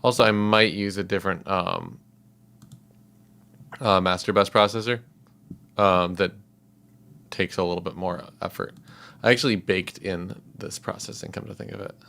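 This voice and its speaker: A man's voice: low-pitched, steady tone, normal speed, vocal fry, long pauses, fairly bright tone. A man livestreaming as a composer, talking casually and rambling with many fillers and chuckles.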